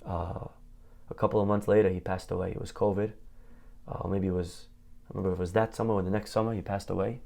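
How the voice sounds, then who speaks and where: A man's voice: low voice, little pitch movement, quick pace, vocal fry, dark tone. A man speaking as a rabbi, telling a heartfelt story in a conversational sermon, with many "you know" fillers.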